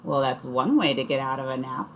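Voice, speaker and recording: A woman's voice: rumbling low, a little fast, a bit bright, slight background noise, poor audio. A woman voicing a sickly, stubborn boy of about ten who whines. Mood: whiny. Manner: whining.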